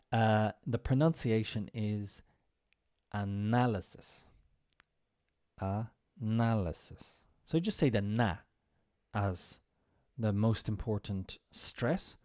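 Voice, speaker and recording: A man teaching English on a casual live stream, reading out news and explaining words slowly, repeating and spelling them for his viewers. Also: fairly low pitch, warm tone, no echo, studio quality. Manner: talks to viewers while fumbling with the screen.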